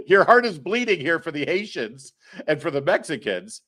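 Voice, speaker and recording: A man's voice: fairly high pitch, moderate pace. A man hosting a live political commentary show, talking in a sarcastic, mocking way. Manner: sarcastic, mocking, animated delivery. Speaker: host.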